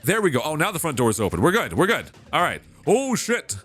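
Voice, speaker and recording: A man giving casual, excitable gameplay commentary, swearing and laughing as he plays. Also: on the high side, fast, soft background music. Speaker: let's play host.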